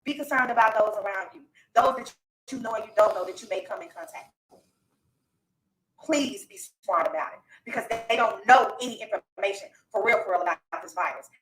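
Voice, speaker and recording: A woman's voice: medium pitch, animated, fairly quick, a bit bright, roomy sound, recorded from a distance, poor audio. A woman speaking on a live stream, earnest and pleading, repeating her warnings. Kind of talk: emotional live-stream address.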